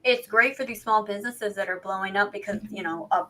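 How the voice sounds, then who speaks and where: A woman's voice: mid-range voice, brisk, pushed and bright. A woman co-hosting a podcast in casual chat, talkative and self-deprecating, posing rhetorical questions. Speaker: podcast co-host.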